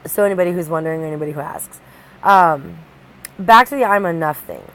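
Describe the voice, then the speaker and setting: A young woman with a fairly low voice speaks straight to the camera in a confessional vlog. She rambles, circles back and restarts her sentences as she opens up about herself. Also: fast, low-quality recording. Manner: candid, rambling, with many restarts. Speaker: vlogger.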